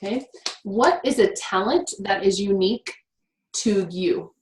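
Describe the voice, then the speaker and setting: A woman's voice: mid-range voice, a little mellow. Upbeat, chatty female workshop teacher in an echoey room, light background noise. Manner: upbeat, chatty, quick with many "like" fillers. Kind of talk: guiding a class through writing prompts.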